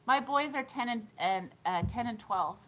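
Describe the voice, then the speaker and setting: A woman's voice: fairly high pitch, lively intonation, moderate pace, fairly bright tone, poor audio. A woman in her thirties chatting casually on a live stream, giggling often and answering viewer comments. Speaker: thrift vlogger.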